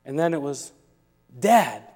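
Slow, higher-voiced pastor in a reverberant hall. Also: male voice, expressive, darkish tone. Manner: humorous storyteller, acts out dialogue. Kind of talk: storytelling sermon. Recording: long reverb of a church hall.

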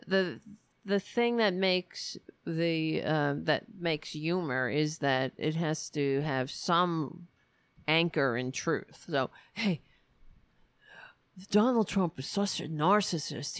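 A woman's voice: low-pitched, takes it slowly, dry recording. A woman hosting a political commentary show, ranting in a sarcastic, profane, exasperated way.

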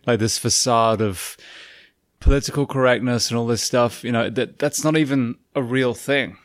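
Man, medium pitch, casual talk, agreeable, reflective, dry close mic. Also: normal speed, no room sound. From farm upbringing. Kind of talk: casual conversation.

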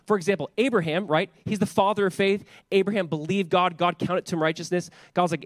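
A male pastor preaching a casual, animated sermon, full of "like" and quick acted-out quotes. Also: high-pitched, no echo. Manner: animated, filler-heavy, acts out scripture voices.

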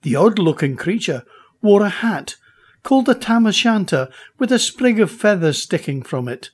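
Brief: husky, slow-paced male narrator for a children's audiobook, lively pitch. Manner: expressive, unhurried. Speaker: audiobook reader. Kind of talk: storybook narration.

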